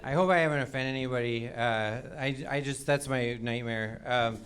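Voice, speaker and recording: A man's voice: medium pitch, moderate pace. A man in his forties performing a stand-up comedy set on stage, with a sheepish, self-mocking delivery and acted-out quotes. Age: 40s. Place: comedy stage before a live audience. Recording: live crowd laughter, loud background noise.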